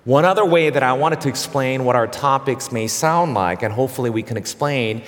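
A man preaching a sermon, earnest and measured and given to brief pauses and restarts. His mid-range voice rings out with a long reverb, as in a large sanctuary. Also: medium pitch. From immigrant who came to the US at nine. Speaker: pastor. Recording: hall reverb.

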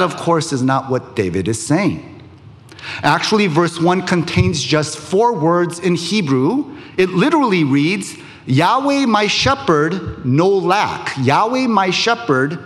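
A man preaching a sermon to a congregation, speaking in measured phrases with emphatic pauses. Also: fairly high pitch, a bit bright, long reverb tail. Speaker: pastor.

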